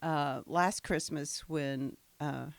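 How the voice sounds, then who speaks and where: A woman's voice: low voice, fairly even intonation, takes it slowly, gravelly, dry recording. An older woman giving a patient testimony in a casual interview, answering hesitantly with fillers. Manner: hesitant, with fillers and small laughs.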